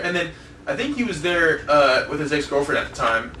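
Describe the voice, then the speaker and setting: A man's voice: fairly high pitch, lively intonation, fairly quick, sharp tone. A young man co-hosting a casual podcast, telling rambling stories full of swearing and laughter. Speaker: podcast co-host. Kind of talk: casual chat. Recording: echoey room from far off, faint noise.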